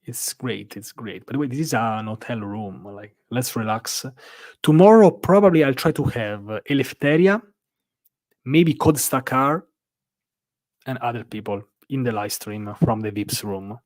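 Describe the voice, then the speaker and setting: Speaking a little slowly in a medium-pitched, darkish voice on a dry recording, a man with an Italian accent hosts a casual hotel-room live stream. He rambles as he answers chat questions, using many filler "uh"s.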